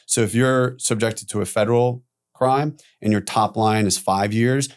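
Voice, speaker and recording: A man guest on a podcast telling his own story candidly, animated, acting out quoted voices and swearing casually. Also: fairly low pitch, normal speed, smooth.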